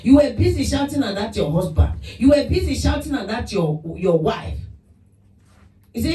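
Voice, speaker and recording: A woman pastor preaching a lively sermon, laughing often and breaking into mock speaking in tongues. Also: a little high, normal speed. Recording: echoey room, voice from a distance.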